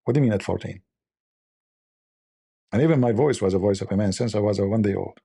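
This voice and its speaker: Male stream host, low husky voice, playful ribbing of chat. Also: fast, warm tone. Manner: teasing, joking, mock-offended banter. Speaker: livestream host. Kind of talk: casual livestream chat with viewers.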